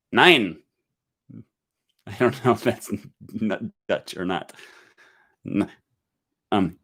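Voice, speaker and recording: A man hosting a casual livestream at home, reading viewer comments aloud and chatting about them, with many fillers and a relaxed, meandering way of talking. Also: mid-range voice, slow, long pauses. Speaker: livestream host.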